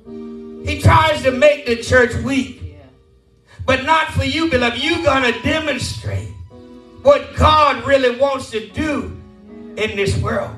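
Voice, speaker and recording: A pastor preaching fervently, shouting and repeating phrases, calling out to his congregation for responses. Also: extremely high pitch. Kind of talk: shouted call-and-response sermon. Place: large church hall. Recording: echoey church hall, voice from a distance, music behind.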